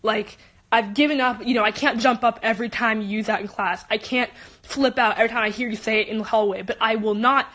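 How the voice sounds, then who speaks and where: A teenage girl from Los Angeles, a high school student telling an upset personal story in quick bursts full of restarts. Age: teens. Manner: animated, rapid, many restarts. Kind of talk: emotional personal rant.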